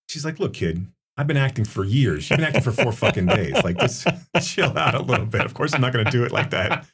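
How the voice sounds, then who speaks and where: A man's voice: on the low side, animated, a little fast, hardly any pauses, slightly rough. A man co-hosting a podcast, talking casually and profanely about a film, rambling with many restarts. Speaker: podcast co-host.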